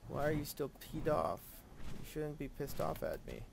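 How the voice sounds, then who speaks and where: A man's voice: fairly high pitch, sing-song, normal speed, creaky, noisy background. A man giving casual gameplay commentary, chatting goofily to the creatures he tames. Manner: goofy, talks to the creature, silly sing-song bits. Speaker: gameplay host.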